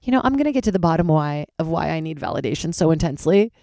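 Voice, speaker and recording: A woman's voice: deep voice, very animated, rapid-fire, creaky, warm tone, no room sound, studio quality. A woman stand-up comedian, tired, chatting candidly and swearing freely in a solo podcast recorded in a closet. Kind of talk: casual solo podcast chat.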